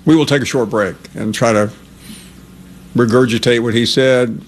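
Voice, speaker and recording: Mid-pitched sports radio host. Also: male voice, fairly even intonation, normal speed. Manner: conversational, hesitant with fillers.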